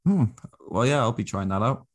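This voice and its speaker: A man's voice: mid-range voice, animated, normal speed, dry recording. A young man co-hosting a comedy podcast, talking in a dry, tongue-in-cheek way with hesitant fillers. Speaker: podcast co-host. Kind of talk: casual comedic podcast chat.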